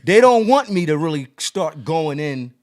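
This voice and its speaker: A man co-hosting a casual live-stream chat, animated and teasing, repeating himself for emphasis. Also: on the high side, unhurried. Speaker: co-host.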